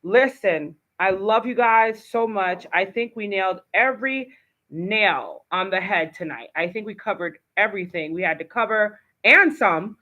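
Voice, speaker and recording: A woman's voice: mid-range voice, lively intonation, a little slow, pushed and bright. A woman hosting a live online talk show, effusive and enthusiastic as she thanks her guest. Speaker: host. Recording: dull lo-fi live stream audio.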